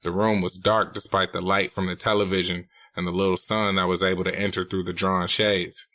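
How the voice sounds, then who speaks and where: A man's voice: deep voice, little pitch movement, brisk, pushed and bright, dry recording. A man narrating a novel in the first person, in a blunt, profane, streetwise manner. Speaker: audiobook narrator.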